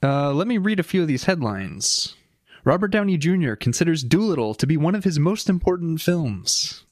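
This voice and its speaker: A man co-hosting a casual podcast, reading quotes aloud and chatting with dry, deadpan humor. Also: a little high, moderate pace, dry recording. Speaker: podcast co-host.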